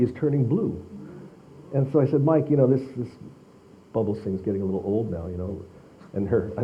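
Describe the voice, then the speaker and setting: A man's voice: medium pitch, a little hiss or hum. Man author telling a story at a library, stumbly and repeats himself, dull lo-fi sound. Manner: halting, repeats words as he talks. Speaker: author giving a library talk. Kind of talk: anecdotal storytelling to an audience. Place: public library talk.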